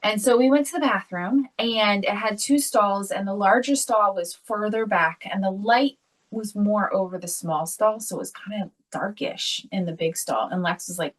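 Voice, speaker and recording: A woman's voice: medium pitch, normal speed, far from the mic, poor audio. A woman co-hosting a podcast, telling a family story in a casual, chatty way and often laughing as she talks. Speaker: podcast co-host. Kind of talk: casual chat.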